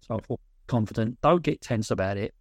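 Man, lowish voice, rambling anecdotes, restarts, casual chat, dry close sound. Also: brisk, no room sound. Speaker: coaching client.

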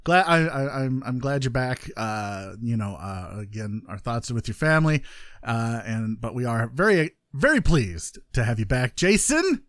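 A man's voice: mid-range voice, sing-song, normal speed, a bit bright, no room sound, studio quality. A man hosting a casual gaming podcast, joking and rambling with lots of fillers. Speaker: podcast host.

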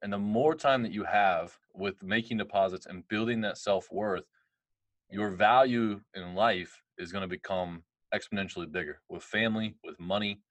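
A man's voice: fairly low pitch, moderate pace, no room sound. A man hosting a podcast who asks thoughtful questions and lays out his reasoning before he gets to the point. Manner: reflective, builds up to his questions. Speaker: podcast host. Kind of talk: casual interview.

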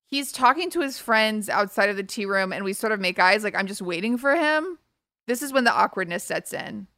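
A young woman, co-hosting a podcast and telling a story fast and animatedly. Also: mid-range voice, expressive, bright, forceful tone, no room sound, clean studio sound. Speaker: podcast co-host. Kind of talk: casual storytelling chat.

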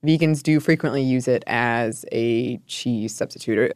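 A woman co-hosting a casual podcast, playful and quick to joke and laugh. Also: extremely low pitch, a little mellow, no echo, studio quality. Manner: playful and joking, laughs easily. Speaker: podcast co-host.

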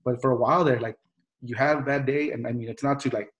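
A man's voice: mid-range voice, fairly even intonation, fast, lo-fi sound. A man hosting a podcast, chatting loosely with many restarts, fillers and some swearing. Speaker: podcast host. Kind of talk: casual podcast chat.

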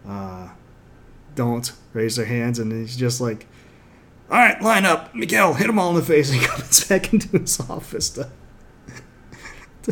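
A man in casual talk, recounting a show with blunt, irreverent emphasis. His voice sits at a mid pitch for a man, and he often breaks into mock quotes of the characters. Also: a little hiss or hum.

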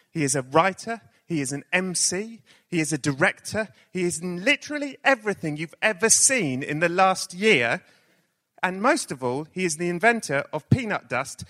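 A man's voice: high-pitched, bright, forceful tone. A man hosting a podcast live on stage in front of an audience, with playful, joking introductions. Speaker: podcast host. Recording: reverberant live theatre sound.

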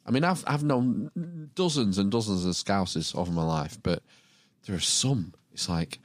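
A man's voice: fairly low pitch, unhurried, no room sound. A man hosting a podcast, chatting casually in a jokey, sweary way. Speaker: podcast host. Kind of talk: casual chat.

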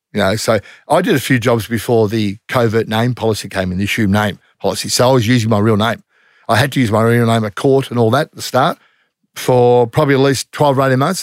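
A man's voice: mid-range voice, no room sound, studio quality. A middle-aged man with an Australian accent, a former undercover police officer telling stories in a casual interview, blunt and matter-of-fact with plenty of slang.

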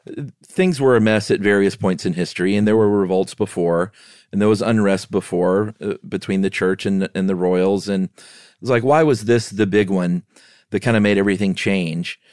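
A man co-hosting a podcast, explaining history in a relaxed way with playful asides. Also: sits low, normal speed, no room sound, clean studio sound. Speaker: podcast co-host. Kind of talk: casual history chat.

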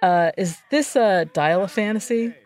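A woman's voice: mid-range voice, a little slow, darkish tone, natural voice. A woman voicing an awkward male caller who hesitates and stammers on the phone.

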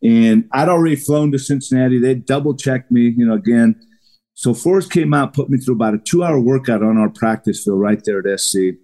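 A man's voice: mid-range voice, a little fast. A middle-aged man, a retired football lineman, telling stories as a podcast guest, acting out quotes as he goes. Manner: animated storyteller, acts out quotes. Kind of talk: casual storytelling interview.

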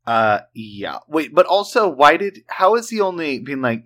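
A man's voice: medium pitch, very animated, normal speed, fairly bright tone. A man co-hosting a podcast, reacting with blunt disbelief and casual swearing. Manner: incredulous, blunt, swears freely. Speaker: podcast co-host. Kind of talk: casual chat.

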